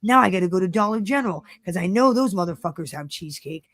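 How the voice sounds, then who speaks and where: A woman's voice: fairly low pitch, quick pace, no room sound, clean studio sound. A woman hosting a casual chat show, telling a rambling story full of swearing and acted-out quotes of herself. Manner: animated, swears constantly, acts out her own quotes. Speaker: podcast host.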